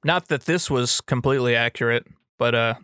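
A man co-hosting a podcast in casual chat, thoughtful and measured, with lots of fillers. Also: mid-range voice, pushed and bright, clean tone, dry recording, studio quality. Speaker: podcast co-host.

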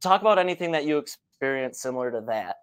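Relaxed man hosting a running chat. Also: mid-range voice, quick pace, smooth. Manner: relaxed storytelling, friendly questions. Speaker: podcast host, runner. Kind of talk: casual conversational interview.

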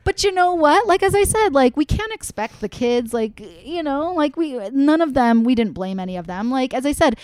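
A woman's voice: sits high, lively intonation, normal speed, hardly any pauses, darkish tone, no room sound, studio quality. A young adult woman chatting candidly as a podcast guest, rambling with lots of fillers. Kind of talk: casual chat.

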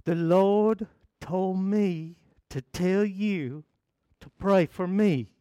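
A man voicing a devout, gentle elderly church mother with a Southern US accent, speaking slowly. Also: high-pitched, no room sound. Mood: earnest.

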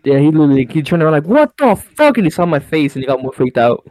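A man's voice: fairly high pitch, steady tone, racing, darkish tone. A young man co-hosting a podcast, joking and swearing in loose storytelling banter. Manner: bilingual, slips into Spanish. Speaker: podcast co-host. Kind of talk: casual chat.

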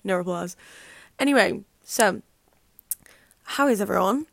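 A young woman hosts her own podcast in a casual solo chat, rambling along and padding her talk with plenty of "like" and "um." Her voice sits at a medium pitch and sounds gravelly yet fairly bright, and she speaks unhurriedly. There's no echo on the recording.

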